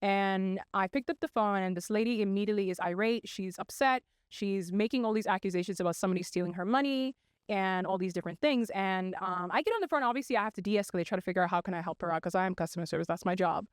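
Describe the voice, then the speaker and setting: Smooth-voiced young woman telling stories. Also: medium pitch, dry recording, studio quality. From Democratic Republic of Congo, raised in South Africa. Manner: measured, articulate storytelling. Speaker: podcast guest. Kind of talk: casual interview chat.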